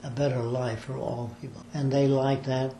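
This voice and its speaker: A man's voice: mid-range voice, flat delivery, normal speed, mellow. Older guy telling old stories in an echoey room, bit of hum behind. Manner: rambling storyteller, acts out quoted voices. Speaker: interviewee. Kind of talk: recounting his life in an interview. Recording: echoey room with faint ambient noise.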